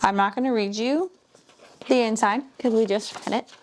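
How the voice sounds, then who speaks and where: A woman chatting casually as she unboxes books, gushing, gasping and dropping into soft whispers. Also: fairly high pitch, normal speed, slight background noise. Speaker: book vlogger.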